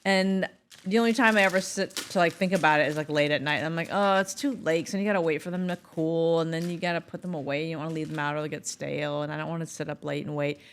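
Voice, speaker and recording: A middle-aged woman co-hosting a casual talk show, chatty with quick asides and frequent laughs. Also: deep voice, steady tone, a little hiss or hum. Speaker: podcast co-host. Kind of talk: casual chat.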